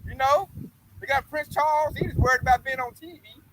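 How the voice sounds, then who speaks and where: A man leads an informal Bible study, reading verses loudly and then breaking into slangy, joking commentary. His voice sits very high for a man. A faint hum of noise runs underneath. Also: fairly quick.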